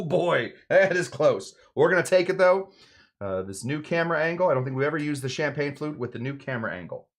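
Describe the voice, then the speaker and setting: A man hosts a live home-bar cocktail demonstration, joking his way through the recipe. His voice sits a little high for a man. He swings from loud, emphatic bits to quiet mumbled asides. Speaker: home bartender host. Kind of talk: jokey live cocktail demo.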